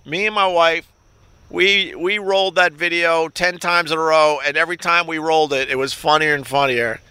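A man's voice: on the high side, steady tone, normal speed, bright, forceful tone, clear, resonant tone, no room sound. A man hosting a casual live stream, rambling, swearing and reading out viewer comments with sardonic asides. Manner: profane, sardonic, reads chat aloud. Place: New York.

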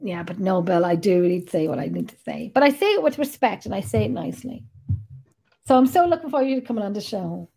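A woman's voice: mid-range voice, expressive, quick pace, gravelly, mellow, breathy edge. An Irish woman hosting a podcast, chatting casually in a blunt, jokey way with casual swearing. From Ireland. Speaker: podcast host. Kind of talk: casual chat.

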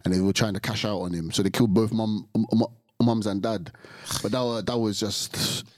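A man's voice: fairly low pitch, fairly even intonation, no room sound. A man co-hosting a podcast in casual chat, speaking in a reflective way and filling his sentences with "like". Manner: fast, reflective, heavy use of "like". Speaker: podcast co-host.

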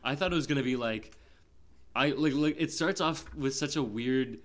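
A man's voice: mid-range voice, moderate pace. A man co-hosting a film podcast, chatting casually and rambling with lots of fillers. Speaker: podcast co-host, film reviewer. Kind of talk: casual chat.

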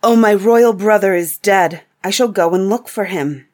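A woman's voice: medium pitch, moderate pace, darkish tone, natural voice. A woman voicing a bold young prince in a storybook reading, speaking firmly and plainly. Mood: earnest.

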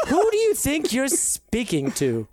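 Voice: sits high, wildly swooping pitch, slow pace, no echo, studio quality, pitched above the performer's own voice, full character voice. A player voicing a pompous noble man in disguise, haughty and indignant.

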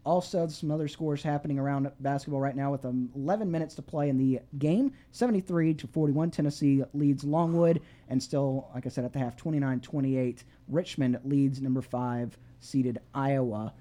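A man's voice: medium pitch, fairly even intonation, moderate pace, hardly any pauses, mellow. A man hosting a call-in sports radio show, reading scores and chatting casually with fillers and restarts. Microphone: studio microphone.

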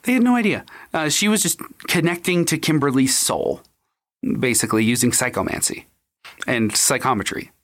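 Podcast host, relaxed storyteller, conversational delivery, occasional swearing. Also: mid-range voice, moderate pace. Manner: conversational, swears casually, laughs. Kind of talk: casual storytelling chat.

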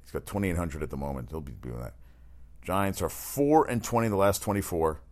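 A man's voice: deep voice, lively intonation, fairly quick, darkish tone. A man hosting a casual talk show, rambling bluntly and swearing through sports and TV opinions. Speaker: show host. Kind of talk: casual chat.

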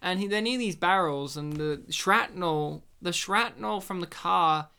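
A man's voice: high-pitched, measured pace, gravelly, sharp tone, smooth. Chatty man telling stories. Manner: chatty, storytelling, lots of "like" fillers. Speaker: podcast co-host. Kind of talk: casual chat while watching a film.

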